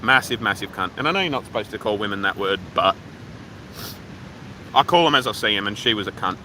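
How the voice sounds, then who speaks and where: A man's voice: lowish voice, animated, fast, bright, forceful tone, a little hiss or hum, poor audio. An Australian man livestreaming outdoors from his phone, rambling casually and swearing freely while reading viewer comments. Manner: rambling, profane, offhand. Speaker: livestream host. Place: outdoors at a waterfall park.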